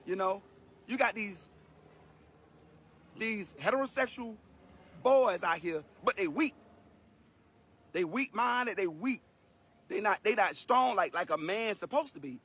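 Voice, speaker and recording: A man's voice: sits high, animated, a little slow, long pauses, fairly bright tone, husky. A man giving an earnest, emotional spoken lesson to his viewers in a casual, repetitive way. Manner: earnest and preachy, repeats himself, emotional. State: sweating.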